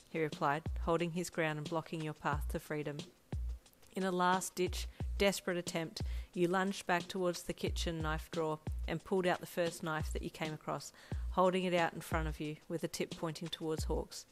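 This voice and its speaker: A woman narrating a second-person fanfiction audio story in a steady, even storytelling voice. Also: sits low, moderate pace. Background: faint lo-fi drum loop music.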